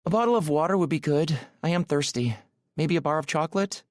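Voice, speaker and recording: A man's voice: a little high, brisk, no echo, clean studio sound, voice pushed up, lightly acted. A male narrator voicing a refined, proud young Italian woman with a rich, silky voice in an audiobook. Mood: relaxed. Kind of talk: audiobook character voice.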